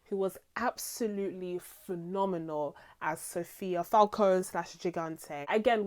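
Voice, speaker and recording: A young adult woman hosting a casual series review, enthusiastic and laughing often, with many fillers. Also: medium pitch. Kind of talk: casual chat.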